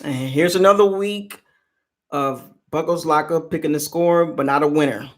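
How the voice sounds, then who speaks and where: Speaking at normal speed in a voice that's a little high, a man runs a football fan channel's live stream. He chats casually and pokes fun at fans in the chat.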